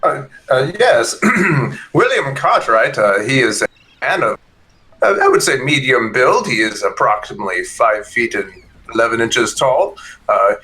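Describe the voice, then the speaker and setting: A man's voice: medium pitch, very animated, a little slow, pushed and bright, rough recording. A man playing a tabletop game, describing his character with hesitant, filler-heavy speech. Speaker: player.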